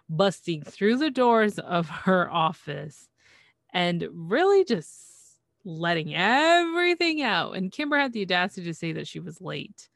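A woman casually recapping a TV show, retelling scenes with animated storytelling. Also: medium pitch, gravelly, no echo, clean studio sound.

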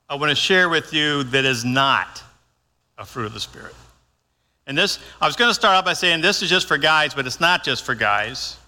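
Older male pastor with a bright, slightly high voice, folksy and conversational, preaching in a church with long reverb. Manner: folksy, conversational, acts out his own lines. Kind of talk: sermon.

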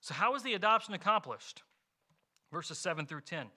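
A man's voice: sits high, expressive, normal speed, sharp tone. A man pastor preaching a sermon in an earnest way, asking rhetorical questions and explaining with homely examples.

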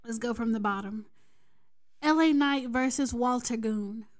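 A woman's voice: a little high, unhurried. Woman reading out the podcast lineup. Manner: reads out the match card, teasing. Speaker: podcast co-host. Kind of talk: casual chat.

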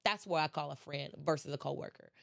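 A chatty podcast host, stuffy from allergies, gives a casual motivational talk that climbs into impassioned preaching. Her deep voice comes out fast and gravelly with a fairly bright tone, sounding congested and nasal.

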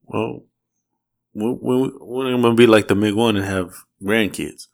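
A man's voice: on the low side, fairly even intonation, moderate pace, creaky. A man in his forties in casual podcast talk, hesitant and full of restarts and "you know". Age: 40s. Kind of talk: casual chat.

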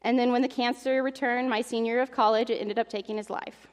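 A woman's voice: on the high side, fairly even intonation, fast talker. A young adult woman preaching a sermon, earnest and at times emotional, partly reading aloud from an article. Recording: long hall reverb.

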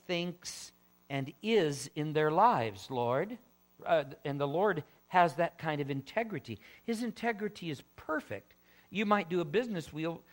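A male pastor preaching at a deliberate, unhurried pace, his voice sitting a little high. He leans hard on key words and drops into a chatty, conversational tone between readings. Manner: slow, emphatic preaching with drawn-out scripture readings; conversational asides to the congregation. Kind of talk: sermon.

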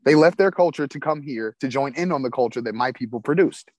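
An American man on a panel speaking in a firm, measured way. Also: medium pitch, darkish tone, no room sound. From United States. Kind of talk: casual discussion.

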